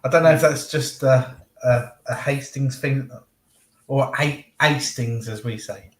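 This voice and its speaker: A man from southeast England with a local accent that drops T sounds, chatting as a guest in a relaxed way. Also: medium pitch, unhurried, roomy sound. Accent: southeast English, drops T sounds. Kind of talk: casual chat.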